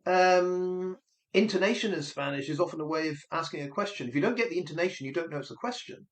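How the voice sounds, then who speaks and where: A man with a somewhat high voice talks through his theories in a speculative, musing commentary monologue. He often hedges his points and slips into brief impressions of other people. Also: quick pace. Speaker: online commentator.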